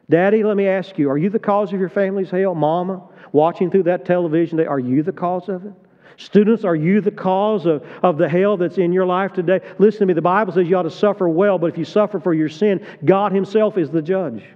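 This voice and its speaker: A man's voice: high-pitched, normal speed. Impassioned preacher man in reverberant hall. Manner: impassioned preaching, swings from hushed to loud. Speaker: pastor. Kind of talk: sermon. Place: large church hall. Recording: dull sound, long hall reverb.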